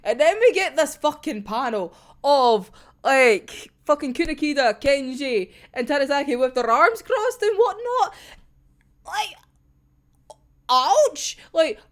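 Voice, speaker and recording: A woman's voice: high voice, animated, slow pace. A young woman chatting casually about a manga chapter, swearing a lot and laughing often. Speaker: manga reaction vlogger. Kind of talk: casual chat.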